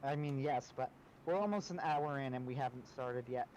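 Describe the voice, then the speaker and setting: A man's voice: medium pitch, moderate pace, a little mellow, slight background noise, poor audio. A man co-hosting a livestream, talking in a dry, matter-of-fact way. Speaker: livestream co-host. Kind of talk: casual chat.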